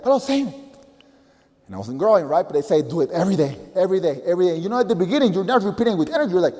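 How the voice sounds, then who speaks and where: High-voiced Spanish-accented motivational speaker man. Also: fast talker, long reverb tail. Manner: energetic, emphatic, repetitive. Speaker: motivational speaker and business coach. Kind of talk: motivational speech.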